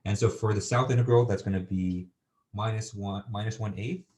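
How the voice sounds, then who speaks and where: A man's voice: on the low side, fairly even intonation, normal speed, a little mellow. A man giving a university engineering lecture, thinking aloud with lots of fillers and checking in with students.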